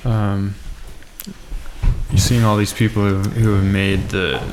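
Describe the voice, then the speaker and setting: A man co-hosting a podcast, speaking slowly and haltingly. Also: lowish voice, little pitch movement, darkish tone, a little hiss or hum. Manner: slow, halting. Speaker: podcast co-host. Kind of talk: casual discussion.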